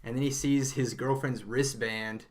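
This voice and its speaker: A man in mid-range pitch, co-hosting a podcast in a loose, casual chat. He rambles along animatedly, peppering his talk with "like," "uh," and bursts of laughter as he recounts things. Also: a little slow. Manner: rambling, animated retelling with frequent laughs and fillers. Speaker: podcast co-host.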